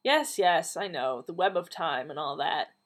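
A woman voicing Donna, a blunt, feisty woman who talks teasingly and exclaims, a little higher and louder than her narration, with a husky tone. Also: unhurried.

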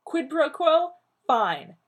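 A woman's voice: sits high, very animated, very slow, pitched above the performer's own voice, exaggerated voice. A woman reading as a curt, guarded male colonel. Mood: angry. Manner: curt, irritable. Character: terse, guarded male colonel, quick to anger.

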